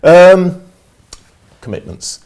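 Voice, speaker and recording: A man's voice: high-pitched, big pitch swings, drawn-out words, a little mellow. A man, a regular guest on a talk show, giving upbeat motivational advice and asking rhetorical questions. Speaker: regular life coach guest.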